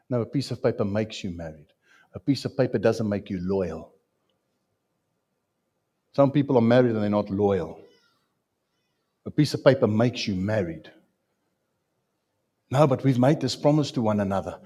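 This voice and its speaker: A man's voice: lowish voice, expressive, moderate pace, long pauses, a little mellow, husky. A man preaching a sermon in an emphatic way, repeating phrases and asking his listeners questions.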